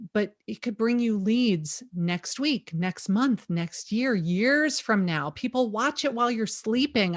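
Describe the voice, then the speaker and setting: A middle-aged woman, a real estate agent, speaking as an interview guest in a lively, emphatic way, with sarcastic asides. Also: mid-range voice, dry recording, studio quality. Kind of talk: energetic interview talk.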